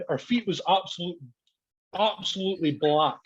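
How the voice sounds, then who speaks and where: A man's voice: sits high, fairly quick, breathy edge. A man, a podcast guest telling a story in casual chat, swearing a lot, laughing and acting out what people said. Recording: dull lo-fi podcast audio.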